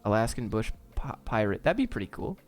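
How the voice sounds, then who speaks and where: A man's voice: on the low side, sing-song, brisk, soft background music. Laid-back man answering live chat. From American South. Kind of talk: casual live-stream Q&A.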